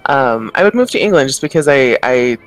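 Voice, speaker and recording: A man from the Pacific Northwest co-hosts a relaxed podcast chat at a middle pitch. He hesitates, doubles up his words and laughs easily, with soft music faintly underneath. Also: brisk, low-quality recording. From Pacific Northwest of the United States. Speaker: podcast co-host. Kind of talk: casual chat.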